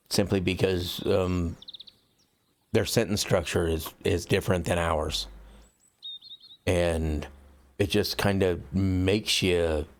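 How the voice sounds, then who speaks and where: An American man, an author, chatting bluntly and profanely to his viewers before reading from his own book. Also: deep voice. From United States. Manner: blunt and profane, loose rambling delivery.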